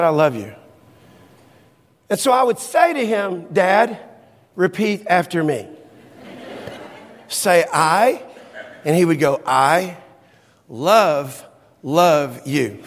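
Man, high voice, middle-aged pastor, emotional sermon storytelling, long hall reverb. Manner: emotional, swings from soft low asides to high excited exclamations.

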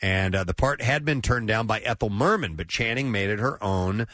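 A man co-hosting a radio show, chatting casually in an animated way and laughing easily. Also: fairly low pitch, normal speed, no room sound, studio quality. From Saint Louis area.

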